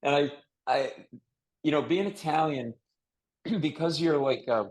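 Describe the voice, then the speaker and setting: A man hosting a casual comedic chat over a video call, with a nasal voice, telling jokey stories in an animated way. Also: fairly high pitch, unhurried, low-quality recording. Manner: animated storyteller, joking. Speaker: podcast host.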